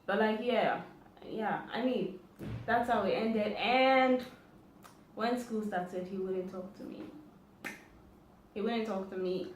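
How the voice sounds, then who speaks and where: A woman's voice: medium pitch, takes it slowly, pauses often, distant mic. Chatty woman vlogger in an echoey room. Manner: chatty, acts out quoted dialogue. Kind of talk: casual storytime vlog. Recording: roomy echo, faint background noise.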